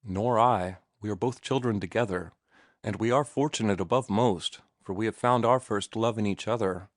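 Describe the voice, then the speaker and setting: A man voicing an ardent young man in love, speaking earnestly and gently in a low voice. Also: normal speed, dry recording, clean studio sound, close to an everyday voice. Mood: ardent, tender. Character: ardent young sailor-turned-writer, passionate.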